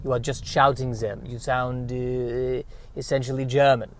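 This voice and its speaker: A man voicing a haughty Frenchman with a fake French accent, talking in a slow, clipped, condescending way. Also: medium pitch, flat delivery, no echo, close to an everyday voice. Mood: disdainful.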